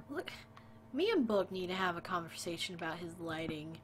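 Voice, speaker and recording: A woman's voice: lowish voice, animated, moderate pace, noisy background. A woman streaming a game late at night, tired and chatty, talking to her viewers and her dog. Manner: sleepy, chatty, talks to chat and her dog. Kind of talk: casual gaming stream chat.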